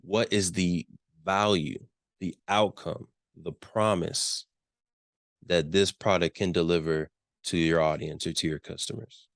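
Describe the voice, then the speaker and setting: A man's voice: low-pitched, fairly even intonation, measured pace, dry recording, clean studio sound. A man giving a business workshop talk, emphatic, repeating key questions and checking in with his listeners. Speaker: workshop presenter.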